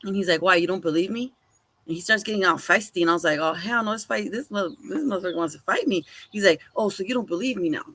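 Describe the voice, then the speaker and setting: A woman's voice: mid-range voice, quick pace, no echo. A woman co-hosting a podcast, telling a story in casual chat, acting out both sides of the dialogue and swearing casually. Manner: animated, swears casually, acts out quoted dialogue. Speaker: podcast co-host.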